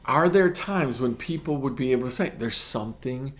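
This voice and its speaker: A middle-aged man delivers a brief sermon, talking the way he would to a small group rather than orating. His voice sits at an ordinary middle pitch, and he keeps checking in with the listeners as he explains each point. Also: animated, fairly quick. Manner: conversational, often adding "right?" to check in with listeners. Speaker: pastor. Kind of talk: short sermon teaching.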